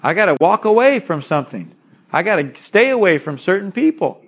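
Preaching man with a higher voice. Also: very animated, fairly bright tone, slightly rough. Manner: expository preaching, quotes scripture and addresses "son" with emphatic pauses. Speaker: pastor. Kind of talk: sermon.

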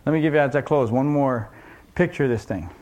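A man's voice: medium pitch, fast talker, darkish tone. A man preaching a sermon as pastor, in a conversational way, asking the congregation rhetorical questions and acting out little scenes.

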